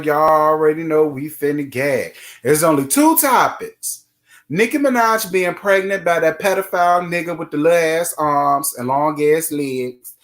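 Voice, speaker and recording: A man's voice: on the high side, fairly bright tone. Sassy, foul-mouthed man hosting a live stream. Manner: sassy, blunt, swears freely; greets chat viewers by name. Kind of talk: casual live-stream commentary.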